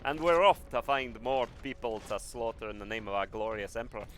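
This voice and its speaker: A man's voice: mid-range voice, a little fast, a bit bright, a little hiss or hum, lightly acted. A man putting on a swaggering soldier. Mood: cocky. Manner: boastful, bloodthirsty taunting. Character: brash swaggering male soldier with a put-on accent. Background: game music and gunfire.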